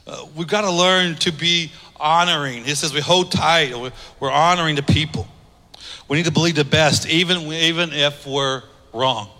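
A man preaching a sermon, driving points home with emphatic repetition and easing into softer storytelling. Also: on the high side, moderate pace, big-room sound. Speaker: pastor.

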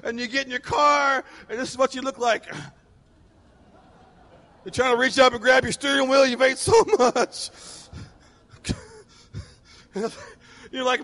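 A pastor preaching a sermon, telling stories animatedly and acting out people's voices. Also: male voice, extremely high pitch, steady tone, moderate pace, pauses often, bright, forceful tone, big-room sound.

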